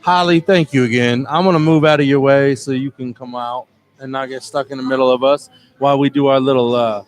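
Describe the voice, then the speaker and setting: A man's voice: medium pitch, fairly even intonation, a little fast, faint music behind. A man hosting a live sports talk show from a tavern, joking and teasing his guest in casual banter. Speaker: show host.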